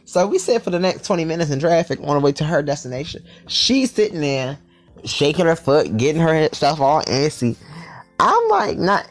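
Sassy young guy spilling a story, lively swoopy voice, bit high. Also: normal speed. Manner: animated, profane, sassy. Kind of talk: casual storytime vlog.

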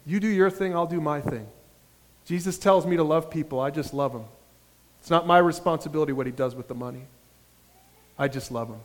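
A man voicing a gentle, compassionate Christian friend in a hushed, earnest way. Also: a little high, a little fast, pauses often, big-room sound, close to an everyday voice. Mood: calm.

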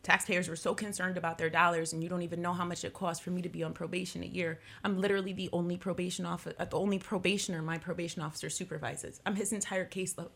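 Husky, impassioned woman in her thirties. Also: fairly low pitch, flat delivery, fast talker, hardly any pauses, fairly bright tone. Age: 30s. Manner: impassioned, emphatic, repeating phrases for force. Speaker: attorney and interview guest. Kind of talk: emotional radio interview. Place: radio studio.

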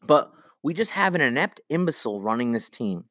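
A man's voice: mid-range voice, big pitch swings, a little fast, fairly bright tone, dry recording, clean studio sound. A young man hosting a sports podcast, ranting heatedly about his team, swearing and repeating himself. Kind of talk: solo sports rant.

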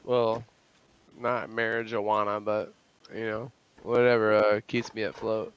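A man's voice: fairly low pitch, flat delivery, measured pace, clean tone, highs cut off. A young man with a Southern US accent in casual chat, joking and profane, rambling with restarts. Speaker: chat participant.

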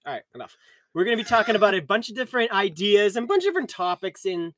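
A man's voice: high-pitched, big pitch swings, rapid-fire, a bit bright, dry recording. A man co-hosting a podcast in casual chat, joking and teasing as he steers the topic. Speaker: podcast co-host.

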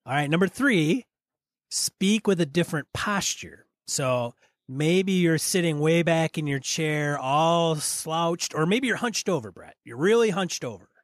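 A man's voice: fairly high pitch, expressive, unhurried, dry recording, studio quality. A man co-hosting a casual podcast, talking his partner through voice exercises. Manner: coaching, prompts his partner by name. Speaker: podcast co-host.

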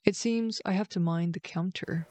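A woman's voice: fairly low pitch, normal speed, mellow, dry recording, lightly acted. A woman voicing a big, shy male gorilla baker who frets aloud to himself. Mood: worried. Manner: fretful, talking to himself.

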